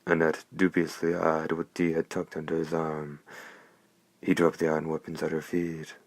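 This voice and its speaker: A man narrating a novel in a measured, steady reading. His voice is extremely low and barely moves in pitch. The recording is dry and close to the mic. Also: no echo. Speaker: audiobook narrator.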